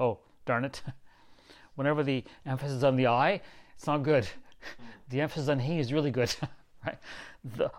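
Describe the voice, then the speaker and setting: A man's voice: mid-range voice, steady tone, normal speed, long pauses. Man preaching, reading scripture aloud. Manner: reads verses then muses aloud with rhetorical questions and chuckles. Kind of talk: informal sermon with scripture reading.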